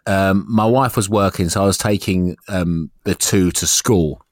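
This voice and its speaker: A man in his thirties chatting casually as a podcast co-host, relaxed and swearing freely as he tells stories. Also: deep voice, a little slow, no echo, studio quality. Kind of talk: casual chat.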